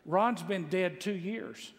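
A man from Mississippi, preaching a sermon in a folksy storytelling way, full of humor and rising to loud exclaims. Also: sits high, slow. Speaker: pastor. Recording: long echo of a large hall.

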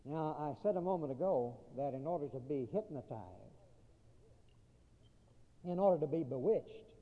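High-voiced preacher in an echoing hall. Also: male voice. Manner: emphatic, repeats key phrases, swings from loud to quiet. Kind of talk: sermon. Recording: tinny phone-like audio in a reverberant hall.

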